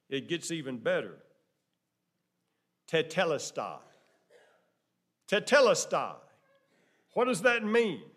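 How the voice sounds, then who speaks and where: High-voiced preacher with big dynamic swings. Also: male voice. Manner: dramatic swings from hushed to loud exclaiming; emphatic repetition. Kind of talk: sermon.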